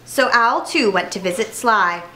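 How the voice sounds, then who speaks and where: Woman reading a storybook, animated. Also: medium pitch, measured pace. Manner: animated, expressive.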